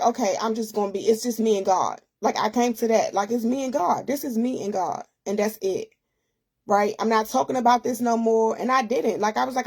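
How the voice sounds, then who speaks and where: Gravelly woman sharing a personal testimony. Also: mid-range voice, a little mellow. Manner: emotional, conversational, addresses listeners as y'all. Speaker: author and host.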